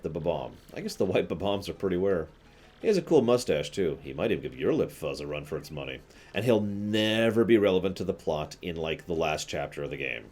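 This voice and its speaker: A man's voice: deep voice, a little mellow. A man streaming a video game, giving casual commentary with chatty, offhand asides.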